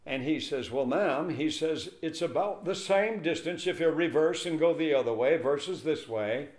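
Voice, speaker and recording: In an echoey room, an older pastor being interviewed recounts a story and performs the dialogue of its characters with lively animation. He speaks at a moderate pace, his voice leaning toward the high side.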